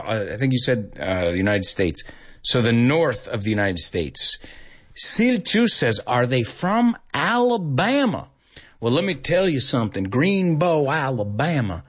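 A male radio host giving a casual English lesson on air, chatty and animated, dropping in Spanish asides. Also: medium pitch, husky.

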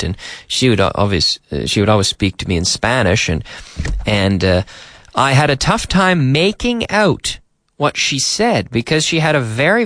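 A man's voice: fairly low pitch, a bit bright, no room sound. A man teaching English on a radio show from a studio, often repeating and rephrasing for learners. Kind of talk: radio language lesson. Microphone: studio microphone.

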